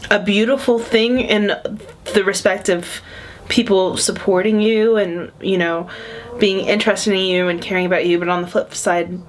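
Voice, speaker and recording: A woman's voice: lowish voice, a little hiss or hum. A woman in her twenties chatting casually and emotionally as she reacts to a video, rambling with many fillers. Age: 20s.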